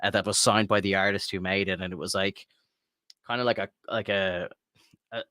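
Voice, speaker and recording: A man's voice: low-pitched, steady tone, moderate pace, pushed and bright, no echo, clean studio sound. An Irish man co-hosting a podcast, telling rambling stories from his home room and swearing freely in casual chat. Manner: rambling storyteller, swears freely, says "like" a lot. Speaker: podcast co-host.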